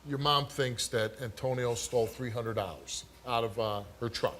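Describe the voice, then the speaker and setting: A man's voice: mid-range voice, normal speed, fairly bright tone, slight background noise. A man hosts a talk show in a studio, speaking directly and bluntly to his guests. A faint room ambience sits behind his voice.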